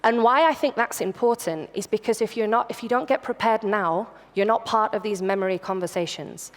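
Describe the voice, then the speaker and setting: Brief: woman presenter, mid pitch, conversational keynote, long hall reverb. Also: brisk. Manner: conversational, with restarts and laughs. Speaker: conference speaker.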